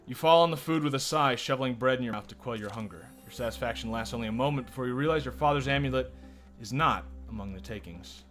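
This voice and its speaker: A man's voice: medium pitch, fast talker, a bit bright. A man streaming a card game, reading its text aloud and rambling with casual swearing. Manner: profane, rambling. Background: game music.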